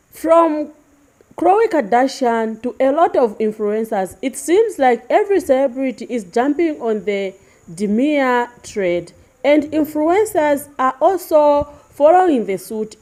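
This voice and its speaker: A woman's voice: on the high side, mellow. A woman hosting her channel, reading scripted commentary to camera in an upbeat way. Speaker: channel host.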